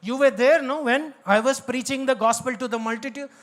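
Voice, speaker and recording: A man's voice: very high-pitched, fairly even intonation, a little fast, fairly bright tone, pitched above the performer's own voice. A man playing Jesus, a stern scolding teacher. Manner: scolding, exasperated.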